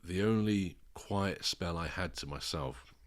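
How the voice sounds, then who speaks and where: A man, a father co-hosting a podcast, talking frankly with swearing and halting restarts. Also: sits low. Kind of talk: candid podcast chat.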